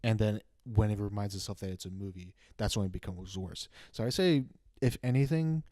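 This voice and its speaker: A young man with a low voice talks through a movie review in casual podcast chat. He hesitates and restarts as he works out his thoughts. The sound is dry and close. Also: fairly quick, dark tone, dry recording. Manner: hesitant, restarts often, thinks aloud. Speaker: podcast co-host.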